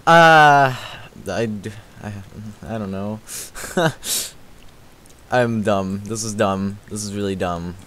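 A man's voice: lowish voice, fairly even intonation, slow, pauses often, slight background noise. A young man streaming a game, chatting casually, goofy and self-mocking, trash-talking, singing snatches of songs. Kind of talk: casual gaming stream commentary.

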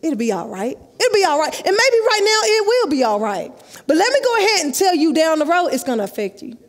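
A woman, telling a lively story in a sermon at a youth conference and acting out the dialogue. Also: very high-pitched, fast talker. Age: 30s. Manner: lively, acts out dialogue, laughs often. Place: large church sanctuary, live. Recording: live church hall with long echo.

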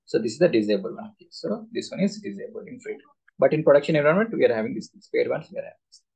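A man's voice: mid-range voice, big pitch swings, rapid-fire, gravelly, a little mellow, slightly rough. A man teaching a live SQL class, quizzing students with repeated questions. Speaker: SQL instructor.

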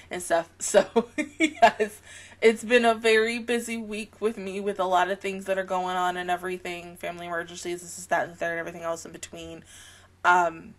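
A woman's voice: fairly low pitch, fairly bright tone. Young woman host, worn out and sleepy, loose rambling reaction-vlog delivery. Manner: rambling, laughs often, casual slang and swearing. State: very tired and sleepy. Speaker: anime reaction channel host. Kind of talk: casual reaction vlog chat.

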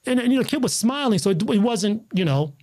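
Animated man with a lively, swooping voice. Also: sits high, fast. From United States. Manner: animated, excitable storyteller with many restarts. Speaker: guest, martial artist. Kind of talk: casual conversational storytelling.

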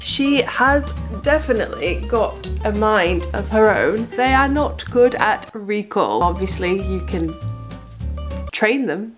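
A woman chatting casually and playfully to her camera as a dog-owning vlogger, swearing often. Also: mid-range voice. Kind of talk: casual vlog chat. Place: in a car and outdoors in snow. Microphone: handheld camera.

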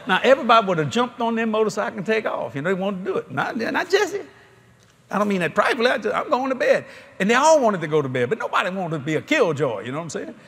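Man, middle-aged, sermon, folksy storytelling, slightly high voice. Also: racing, creaky, husky. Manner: folksy, animated storytelling with laughter. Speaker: preacher. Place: large convention hall.

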